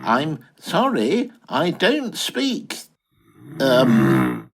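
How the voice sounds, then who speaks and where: A man's voice: fairly high pitch, huge pitch swings, extremely slow, full character voice. A man playing a flustered posh bumbler. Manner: flustered, posh, hesitant, wildly swooping delivery. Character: bumbling posh English time-traveller, retired man. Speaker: lead character and narrator. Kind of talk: comic audio drama acting.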